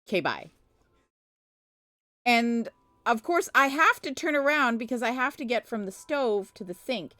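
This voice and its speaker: A woman's voice: a little high, normal speed, pushed and bright, no room sound. A woman at home, chatting on a live stream with exasperated, playful storytelling and teasing. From Canada. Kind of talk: casual live-stream chat.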